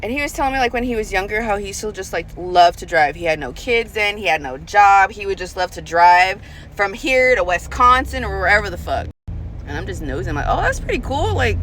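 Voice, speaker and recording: A woman's voice: medium pitch, a bit bright, a little hiss or hum. A woman in her thirties telling rideshare stories in a chatty, profane way, often laughing, recorded in her car. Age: 30s. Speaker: rideshare driver and realtor. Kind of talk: casual storytelling vlog. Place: inside a car.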